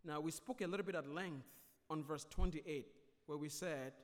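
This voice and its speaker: A man preaching a sermon as pastor, emphatic and repetitive, swinging between loud declarations and quieter explanation. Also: on the high side, moderate pace. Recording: long hall reverb.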